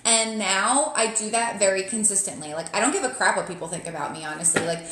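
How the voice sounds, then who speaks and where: A woman's voice: mid-range voice, fast, a bit bright, echoey room. A woman in her thirties with a New Jersey accent, giving a live tarot reading in a chatty, blunt way. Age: 30s. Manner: chatty, blunt, laughs often, lots of "like". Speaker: tarot reader.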